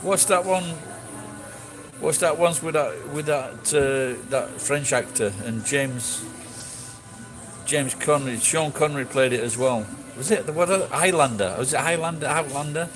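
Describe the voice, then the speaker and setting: A man's voice: on the high side, a little slow, poor audio. A man chatting casually with his audience, blunt and sweary, rambling through restarts. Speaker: streamer answering chat. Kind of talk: casual chat. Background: music.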